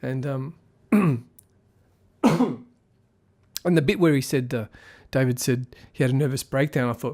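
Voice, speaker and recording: A man's voice: medium pitch, a little slow, pauses often, dark tone. A man giving a casual spoken film review, rambling and critical as he thinks aloud.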